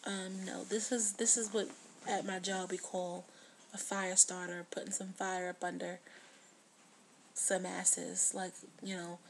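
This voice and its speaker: Earnest woman vlogger with vocal fry. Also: on the low side, little pitch movement, unhurried, a little hiss or hum. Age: 20s. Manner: earnest, heartfelt, drops to a hush at times. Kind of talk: confessional video diary.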